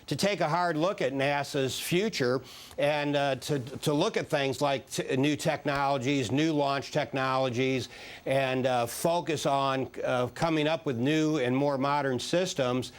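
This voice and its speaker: A man, a former space agency official, answering questions in a live TV news interview in a measured, hesitant way with frequent fillers. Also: mid-range voice.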